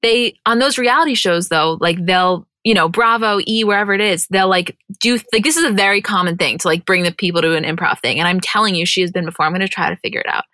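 A young woman co-hosts a podcast in a bright, forward voice, chatting casually and animatedly. The sound is close and dry, with little room around it. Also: on the low side, fast talker, few pauses, no echo. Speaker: podcast co-host. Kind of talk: casual chat.

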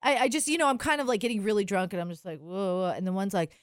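A woman's voice: medium pitch, fast, no echo, clean studio sound. A woman in her thirties telling a story in casual chat, acting out the people in it.

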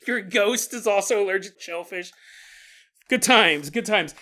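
A male podcast host telling a ghost story in an animated, joking way, laughing often. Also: high-pitched, moderate pace, soft background music.

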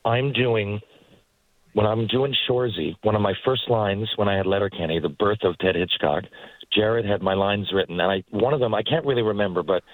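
Low-voiced man telling stories. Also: fairly quick, no room sound, poor audio. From Newfoundland, Canada. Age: 40s. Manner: rambling, animated anecdotes with frequent asides. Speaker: guest, former hockey player and actor. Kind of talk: casual storytelling interview. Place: parked car.

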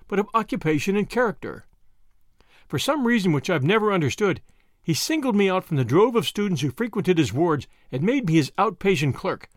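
A man narrating memoir recollections aloud in an animated, expressive storytelling manner. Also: high-pitched, dry recording, clean studio sound.

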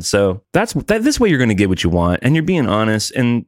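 Podcast co-host, man, fast-talking, lively, giving friendly advice. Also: medium pitch, no echo, studio quality. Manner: animated, coaching, laughs often. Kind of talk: casual chat.

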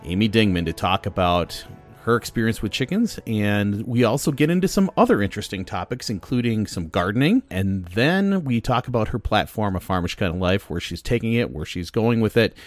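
Male podcast host, friendly chatty delivery, low pitch, faint music bed. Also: expressive, a little fast, no room sound. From US Midwest. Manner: upbeat, chatty, folksy. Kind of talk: casual podcast chat.

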